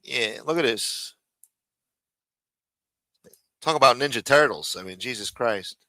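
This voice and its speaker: A man's voice: medium pitch, lively intonation, a little slow, bright, forceful tone, no room sound. A man hosting a live stream, giving profane, mocking, sarcastic reaction commentary from a home studio.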